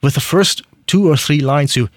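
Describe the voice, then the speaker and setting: A man hosting a radio music show in casual chat, talking haltingly with many fillers and restarts. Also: on the high side, dry recording, clean studio sound. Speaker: radio host.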